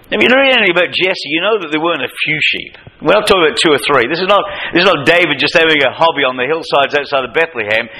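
A man preaching a sermon in an impassioned, emphatic way, with lively asides. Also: fairly high pitch, rough recording.

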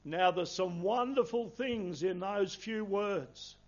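A man's voice: sits high, slow, dull audio. A man preaching a sermon, earnest and emphatic, quoting scripture in old-fashioned wording.

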